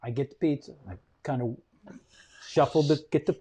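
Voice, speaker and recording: A man, a guest comedian telling a story on a podcast, animated and loud, acting out the scenes and swearing. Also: a little high, moderate pace, breathy edge.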